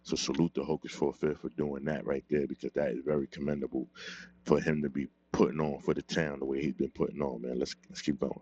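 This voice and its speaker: A man's voice: extremely low pitch, little pitch movement, fast, darkish tone. A man hosting a casual commentary show, talking in a laid-back way and often asking "you know what I'm saying". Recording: muffled lo-fi audio.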